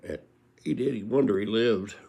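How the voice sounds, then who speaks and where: Gravelly older man spinning folksy yarns. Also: fairly low pitch, moderate pace, dark tone. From California. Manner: folksy, rambling, chuckling. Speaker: storyteller. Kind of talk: casual spoken storytelling.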